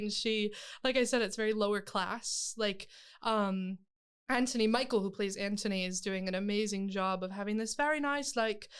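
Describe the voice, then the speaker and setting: Chatty young woman actor, smooth voice. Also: medium pitch, normal speed. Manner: chatty, laughs easily, rambling. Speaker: stage actor. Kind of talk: casual interview chat.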